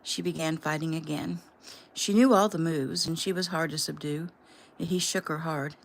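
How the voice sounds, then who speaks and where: A woman casually reading her own novel aloud at home in a plain, unhurried way. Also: low voice, steady tone, creaky. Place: home room.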